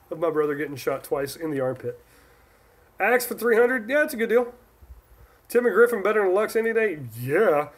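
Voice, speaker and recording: A man from Northern California chats through a relaxed live stream, reading out viewer questions and answering them one by one. His voice sits a little high for a man, and he rambles, trailing off and restarting his sentences. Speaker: livestream host.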